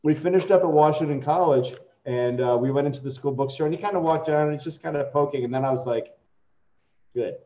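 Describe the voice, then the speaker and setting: A middle-aged man, a company chief, chatting casually before a software demo and telling rambling stories that break off and restart. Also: on the high side, fast talker, few pauses. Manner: rambling, self-interrupting storytelling. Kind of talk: casual chat. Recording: echoey, dull lo-fi room sound.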